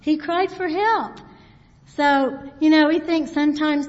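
A woman's voice: high-pitched, measured pace. Woman preaching a folksy sermon in a hall. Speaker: Bible teacher. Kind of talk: informal sermon. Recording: dull sound in a hall with long reverb.

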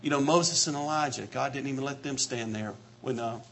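A man preaching a sermon with passion, repeating his phrases and building to shouts. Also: medium pitch, brisk, slight background noise.

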